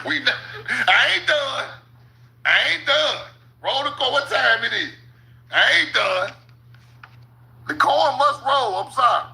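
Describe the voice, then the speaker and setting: A man's voice: very high-pitched, wildly swooping pitch, slow pace, creaky, long pauses, sharp tone, slight background noise, rough recording. A man giving casual, profane commentary while reading maps aloud, often stopping with "hold on" and laughing at his own points. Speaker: channel host.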